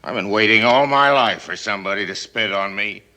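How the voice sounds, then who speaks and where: A man's voice: on the low side, fairly quick, sharp tone. An actor playing a brash, boastful TV showman in a 1950s film, talking in a bombastic, domineering way. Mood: defiant. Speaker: TV broadcaster on safari.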